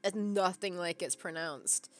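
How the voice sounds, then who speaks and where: A woman's voice: fairly low pitch, measured pace, soft background music. A woman, chatting playfully and laughing often as a game developer on a live stream. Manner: giggly, playful, often laughs mid-sentence. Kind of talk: casual chat on a live stream.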